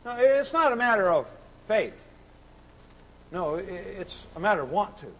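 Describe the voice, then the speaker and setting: A man preaching a sermon, impassioned and repetitive, swinging between shouts and hushed pleading. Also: sits high, big pitch swings, measured pace, a little hiss or hum, low-quality recording. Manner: sings hymn lines briefly.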